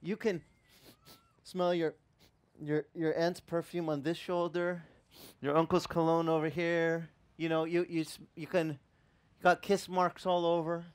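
A man's voice: on the high side, smooth. A male pastor preaching a sermon, telling stories with many restarts and acting out the people he quotes. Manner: animated storytelling, acting out quoted voices; halting, with frequent restarts.

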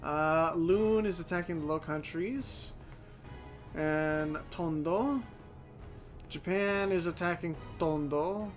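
Speaking slowly in a fairly high voice, a strategy game channel host narrates a laid-back let's-play. He reasons aloud, swears a lot, and fumbles his phrasing while faint music plays in the background.

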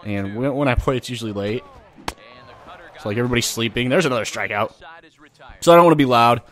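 Male let's-play host, mid-pitched, brash and profane, reacts loudly to each play. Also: quick pace. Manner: loud, vulgar, excitable banter. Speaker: gaming channel host.

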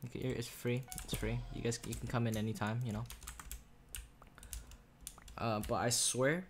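A man's voice: medium pitch, flat delivery, normal speed, a little hiss or hum. A man giving casual, rambling commentary over his own gameplay, joking and trash-talking the other players, recorded on a desk microphone. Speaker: gaming YouTuber. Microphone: USB desk microphone. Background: faint keyboard and mouse clicks.

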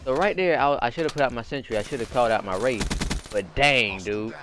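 A young man casually commenting on his own gameplay as host, slangy and animated, repeating phrases and yelping when excited. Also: medium pitch, a little fast, noisy background. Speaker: gaming channel host.

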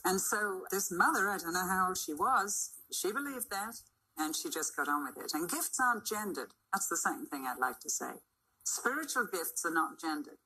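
An older woman preaching a sermon to a church, emphatic and dramatic, with sudden swings in pitch and loudness. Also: lively intonation, normal speed, husky, poor audio.

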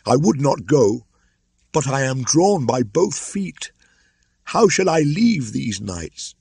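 A man's voice: medium pitch, animated, unhurried, gravelly, husky, no echo, clean studio sound, pitched above the performer's own voice, full character voice. A man voicing an anguished young man raised by wolves, pleading in a strained, broken way in a storybook reading.

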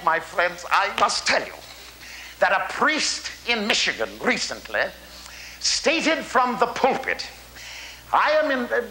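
A man's voice: high voice, bright, forceful tone, reverberant, a little hiss or hum, exaggerated voice, low-quality recording. An actor playing a hearty, exuberant older statesman who tells hunting stories in a theatrical monologue, chuckling and relishing every word. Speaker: actor in a one-man stage show.

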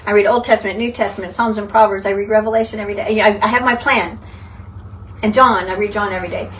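A woman's voice: medium pitch, fairly even intonation, fast talker, fairly bright tone. A woman teaching a Bible study group in a conversational style, earnest and dwelling on single words. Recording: distant mic, faint background noise.

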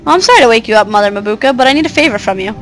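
A woman reading out a brave eleven-year-old girl in a game, polite and earnest. The voice sits fairly high for a woman. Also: animated, racing, faint music behind, lightly acted, low-quality recording. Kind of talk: reading game dialogue aloud.

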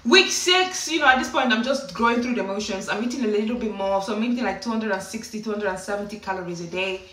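A woman telling a story casually to camera in an animated way, often slipping into acted voices. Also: mid-range voice, fast. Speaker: vlogger. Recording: echoey room, distant from the mic.

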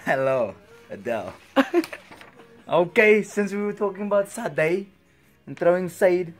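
A woman's voice: on the low side, lively intonation, measured pace, soft background music. Teasing laughing woman at a radio studio game. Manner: teasing, loud and laughing, sings in a put-on South African accent. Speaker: stage actor guest. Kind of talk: playful radio studio game, singing in put-on accents.

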